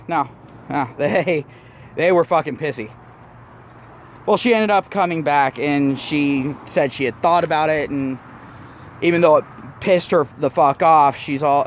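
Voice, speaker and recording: A man's voice: a little high, slight background noise. A man telling a story in a blunt, profane, mocking rant to his vlog audience. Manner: blunt, swears constantly, mocking retelling. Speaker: vlogger.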